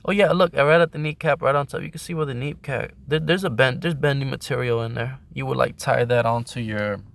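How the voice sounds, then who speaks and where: A man's voice: mid-range voice, fairly quick, gravelly, a bit bright. A man hosting a casual video, rambling and swearing as he talks about old armor and laughs often. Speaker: host. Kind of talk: casual vlog commentary.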